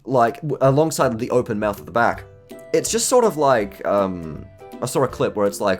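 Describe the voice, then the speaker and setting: A man's voice: mid-range voice, very animated, normal speed. Casual young Australian male presenter, bouncy intonation, rambles and restarts, faint music bed. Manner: rambling, frequent restarts, laughs at himself. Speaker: presenter of an online lecture.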